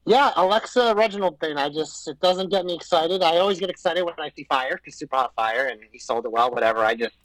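High-pitched, profane chatty man. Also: quick pace, few pauses, poor audio. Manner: profane, animated opinions. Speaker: podcast co-host. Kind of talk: casual chat about pro wrestling.

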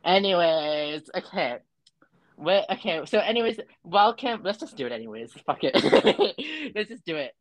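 Young woman podcast host, low lively voice, dry close sound, teasing banter. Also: unhurried, no room sound, low-quality recording. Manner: teasing, giggly, blunt banter. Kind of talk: casual chat.

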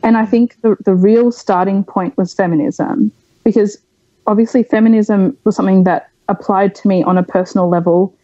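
Guest: young woman from Australia, candid interview, mellow dry voice, animated storyteller. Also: mid-range voice, normal speed, no room sound, lo-fi sound. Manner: frank, animated storytelling with many fillers. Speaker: podcast guest.

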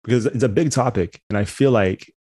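A man's voice: on the low side, brisk, darkish tone, husky, no echo. A man hosting a casual podcast interview, affirming his guest and often saying "man". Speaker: podcast host.

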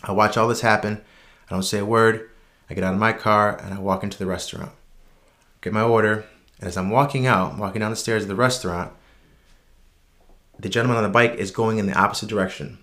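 Deep-voiced man recounting a personal story offhand, unscripted, sincere. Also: fairly quick, pauses often. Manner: relaxed, unscripted, frequent ums and restarts; reflective, earnest. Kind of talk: casual personal anecdote.

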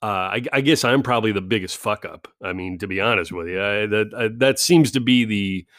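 A man's voice: fairly low pitch, fairly quick, fairly bright tone, no room sound, studio quality. A man in his forties telling a rambling, self-deprecating story in casual vlog chat, laughing often. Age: 40s. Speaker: vlogger.

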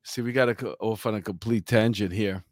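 A man's voice: on the low side, fairly quick, no echo, studio quality. A man, a former police officer co-hosting a casual chat and telling stories with laughs. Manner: animated storyteller, laughs through his anecdotes.

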